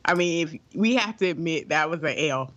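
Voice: medium pitch, animated, normal speed, a bit bright. A podcast co-host chatting casually and giving frank commentary on current events. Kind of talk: casual chat.

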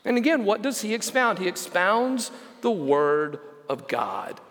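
A man's voice: high-pitched, very animated, measured pace, fairly bright tone, in a large hall. A man preaching a sermon as pastor, emphatic and repeating key phrases, reading scripture aloud.

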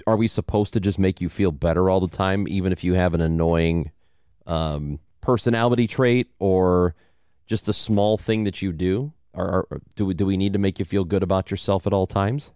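Low-pitched and resonant, this young podcast co-host speaks at normal speed in a clear, dry studio recording. He's from Southern Illinois with a slight accent, and his casual, animated storytelling keeps restarting.

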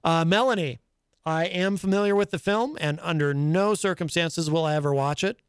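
A man's voice: a little high, moderate pace, smooth, no echo, clean studio sound. A man hosting a live talk show in casual chat, reading viewer comments aloud and rambling with many fillers and restarts. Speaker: host.

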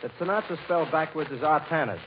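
A man's voice: on the high side, fast, muffled recording. A man appearing as a singer guest in a 1940s radio comedy, offhand and muttering asides. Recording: hissy old radio recording.

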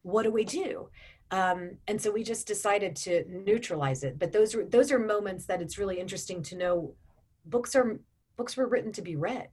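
Woman, 40s, audiobook narrator, chatty interview talk, frequent fillers, mid pitch. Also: moderate pace, a little mellow, husky. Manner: chatty, frequent ums and restarts. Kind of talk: casual interview chat.

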